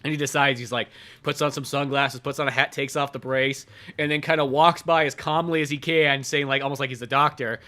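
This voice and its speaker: A man's voice: mid-range voice, fairly even intonation, fairly quick, sharp tone. A man co-hosting a casual podcast, retelling film scenes with lots of swearing and laughter. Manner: laughing storyteller, swears a lot, acts out scenes. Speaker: podcast co-host. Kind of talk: casual movie review chat.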